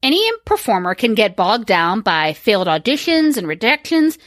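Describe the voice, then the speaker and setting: A woman's voice: medium pitch, very animated, normal speed, a bit bright, no room sound, studio quality. A young woman co-hosting a podcast, chatting casually, rambling and swearing with frequent laughter. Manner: giggly, profane, rambling. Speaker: podcast co-host. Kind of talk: casual chat.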